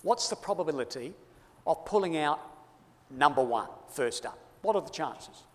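A fairly high, slightly bright voice at normal speed belongs to an Australian man animatedly presenting to a live crowd in a big hall. His playful, teasing talk invites audience participation, and the hall adds a long reverb.

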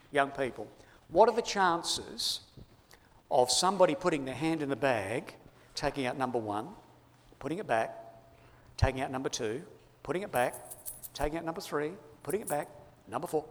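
Australian guy, slightly higher voice, jokey crowd-work speaker, long hall echo. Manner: playful, teasing banter with the audience. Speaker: speaker giving a presentation. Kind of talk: lively audience-participation talk. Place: large hall before a live audience.

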